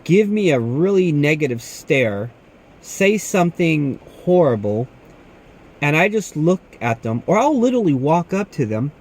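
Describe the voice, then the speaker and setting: A man's voice: fairly high pitch, very animated, measured pace, darkish tone, breathy edge. A young man working as a security guard, talking casually to camera and acting out the people he quotes. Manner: laid-back, says "man" often, tells stories with quoted dialogue.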